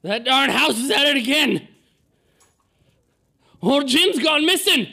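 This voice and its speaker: A man voicing a panicky elderly male villager who shouts in a high, frantic rush. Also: lively intonation, a little slow, gravelly. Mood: panicked.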